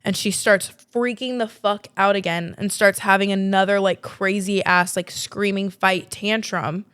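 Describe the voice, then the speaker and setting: Young woman podcast host rambling through a story, lots of "like" and cussing, smooth voice, dry sound. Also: medium pitch, steady tone, unhurried, fairly bright tone, no echo. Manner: chatty, peppered with "like" and swearing. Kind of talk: casual storytelling.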